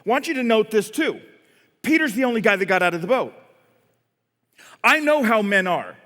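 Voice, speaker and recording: A man's voice: high voice, big pitch swings, normal speed, a bit bright. A male pastor preaching a sermon, telling the story dramatically and acting out scenes, recorded in a church with long reverb. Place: church sanctuary.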